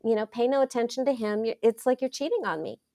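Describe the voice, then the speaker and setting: A woman voicing a tender, loving male money spirit who sounds gently wounded and pleading. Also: a little high, fast, close to an everyday voice. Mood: hurt.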